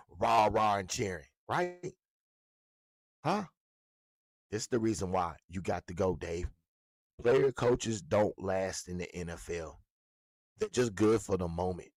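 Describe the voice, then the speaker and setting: A man's voice: sits low, darkish tone, dry recording. A man ranting with profane, mocking, confrontational commentary about a football coach. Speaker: sports commentator.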